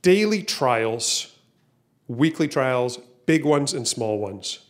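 A man's voice: medium pitch, animated, slow. A man preaching a sermon as pastor to a church room and online viewers, talking casually and often repeating words. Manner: conversational, repeats words, acts out voices in stories.

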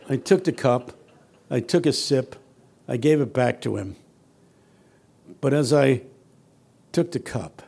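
A man preaching a sermon and telling a story, swinging from loud, emphatic lines to soft, hushed ones. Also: medium pitch, gravelly.

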